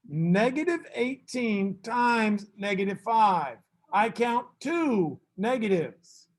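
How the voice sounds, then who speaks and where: A man teaching a math class, brisk and teasing, fussing at students and then reassuring them. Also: high-pitched.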